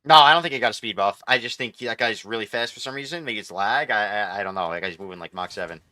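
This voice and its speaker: A young man streaming live, commenting on his gameplay in an excitable, profane, rambling way. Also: lowish voice, fast talker, dry recording, clean studio sound.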